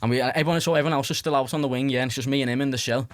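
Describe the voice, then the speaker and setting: A man's voice: mid-range voice, steady tone, very fast, dry recording. Rambling young Scouse man. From Liverpool, England. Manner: rambling, lots of "like" fillers and swearing. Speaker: podcast guest. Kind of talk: casual anecdotal storytelling.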